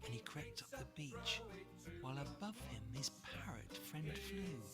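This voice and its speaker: An author reading their own rhyming picture book aloud in a lively, rhythmic way. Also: medium pitch, unhurried. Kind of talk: rhyming storybook read-aloud. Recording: long reverb, faint music behind.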